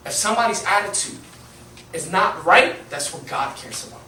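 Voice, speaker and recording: Young guy preaching, laughing thru a story, bright tone, faint room hiss. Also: high-pitched, moderate pace. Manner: animated storytelling, laughing, lots of fillers. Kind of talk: sermon. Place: church hall. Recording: echoey hall, mic at a distance.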